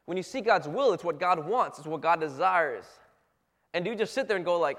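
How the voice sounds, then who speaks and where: A man's voice: on the high side, lively intonation, fairly quick, a bit bright, long reverb tail. A man giving a casual, conversational sermon full of rhetorical questions and little acted-out exchanges. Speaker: preacher.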